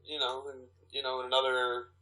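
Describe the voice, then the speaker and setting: Bright-voiced man telling a lively story. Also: mid-range voice, a little fast, poor audio. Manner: animated storyteller, acts out quotes, many restarts. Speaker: actor guest. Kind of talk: casual storytelling interview.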